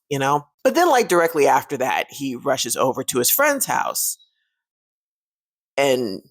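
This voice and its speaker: A woman's voice: very deep voice, creaky, no echo. A woman hosting a horror movie fun-facts video, talking casually and animatedly and laughing often.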